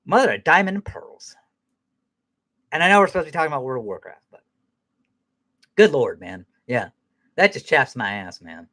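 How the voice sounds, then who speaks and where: A man's voice: medium pitch, big pitch swings, moderate pace, pauses often, sharp tone. A man hosting a podcast who rambles through an angry, profane rant and laughs at himself now and then. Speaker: podcast host.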